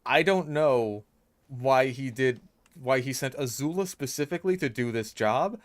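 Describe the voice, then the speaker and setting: A man ranting in a voice-over over gameplay. He is exasperated and swears a lot, and often stops and restarts his sentences with "like". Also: mid-range voice. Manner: halting, restarts with lots of "like". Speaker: gaming YouTuber.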